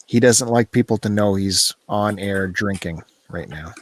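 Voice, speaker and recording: A man's voice: fairly low pitch, measured pace, slight background noise. A man co-hosting a podcast over a call, chatting casually in a joking, sarcastic way. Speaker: podcast co-host.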